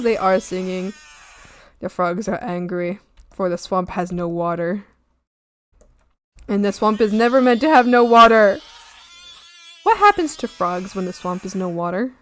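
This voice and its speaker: A young woman streaming her art, chatting playfully with viewers, silly and quick to squeal and laugh. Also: mid-range voice, animated, a bit bright. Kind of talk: casual chat with live viewers.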